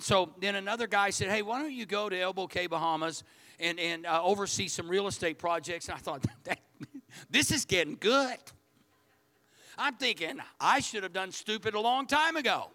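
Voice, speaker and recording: A man's voice: high voice, moderate pace, bright, forceful tone. A man preaching a sermon, telling a personal story in a folksy, repetitive way. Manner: folksy, storytelling, repeats words. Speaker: pastor.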